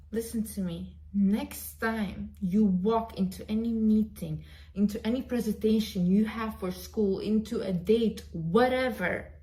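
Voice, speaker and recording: A woman's voice: a little high, darkish tone. A woman vlogger giving an emphatic, repetitive motivational pep talk straight to her viewers. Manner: emphatic, repetitive, direct address.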